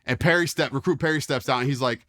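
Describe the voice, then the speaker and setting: Rambling, fast-talking man in his forties. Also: mid-range voice, a bit bright. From Charlottesville, Virginia, US. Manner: rambling with many fillers, mild profanity, acts out quotes. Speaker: interview guest, former Marine. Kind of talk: casual storytelling.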